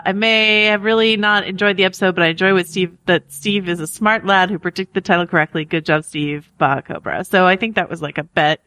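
A bright, forceful-sounding woman co-hosting a podcast, chatty and self-mocking, with frequent laughter. Her voice sits at a middle pitch, very close and dry on the mic, with no room sound at all. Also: no echo. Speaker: podcast co-host. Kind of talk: casual chat.

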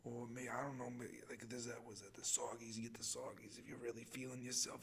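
A man's voice: mid-range voice, level tone, quick pace, few pauses, a bit bright, husky. A man hosting a comedic podcast outdoors on a college campus, rambling with lots of fillers and repeats. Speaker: podcast host.

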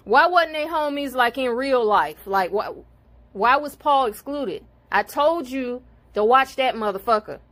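A woman's voice: high-pitched, animated, a little slow, a bit bright. A woman spiritual card reader and healer talking casually to her viewers, blunt and profane, growing heated and preachy.

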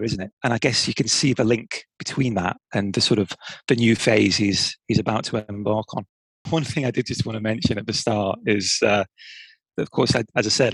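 Husky-voiced middle-aged man, chatty and halting podcast co-host, dry close sound. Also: fairly low pitch, dry recording, rough recording. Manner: chatty, hesitant, lots of fillers and restarts. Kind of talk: casual chat.

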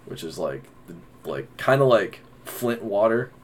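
Young male podcast co-host, rowdy laugh, pitch swinging up and down; casual chat. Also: unhurried. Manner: animated, swearing, loud bursts of laughter.

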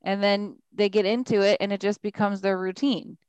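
A woman's voice: medium pitch, flat delivery, moderate pace, darkish tone, smooth, no echo, rough recording. Firm-spoken woman giving advice, dry sound. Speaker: podcast co-host. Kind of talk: casual chat.

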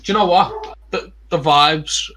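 A man's voice: on the high side, slow pace, noisy background. A young man on a podcast, chatting casually in a rambling, sweary way with lots of fillers. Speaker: podcast co-host. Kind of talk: casual chat.

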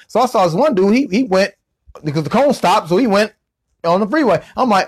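A middle-aged man and motivational coach telling a story on his podcast in a lively, slangy way, with vocal sound effects. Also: high-pitched, fast, slightly rough.

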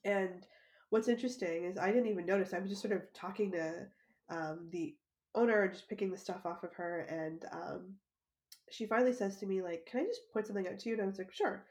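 A woman's voice: on the low side, fairly quick, darkish tone. A woman hosting a podcast, telling a personal story in a casual, chatty way, with frequent laughter and plenty of "like" as filler. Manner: chatty, laughs often, lots of "like". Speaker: podcast host.

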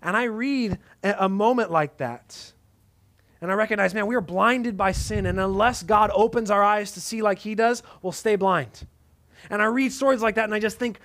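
A man preaching a sermon in an earnest tone, dropping to soft emphatic lines and casual asides. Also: high voice, moderate pace.

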